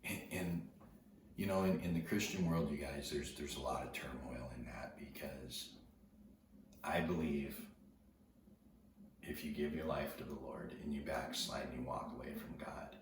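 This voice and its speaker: A man with an extremely deep, low voice talks to his viewers in a loose, earnest storytelling way. He often sinks to a hushed near-whisper and repeats his words. The recording is very echoey, and he sounds far from the mic. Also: measured pace. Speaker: video host. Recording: very echoey, distant from the mic, noisy ambience.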